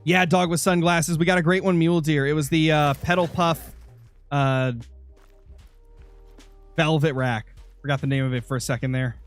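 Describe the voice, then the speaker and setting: A man's voice: a little high, steady tone, moderate pace, pauses often, clear, resonant tone, soft background music. A young man streaming a hunting game, chatting casually and answering viewers while nursing a sore, dry throat. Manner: chatty, answering chat messages. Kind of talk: live gaming stream commentary.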